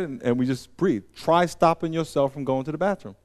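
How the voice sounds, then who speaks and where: A man preaches in a slightly high voice at a fairly quick clip, keeping the tone chatty with slang and acted-out voices. His volume swings from low asides to loud, insistent peaks.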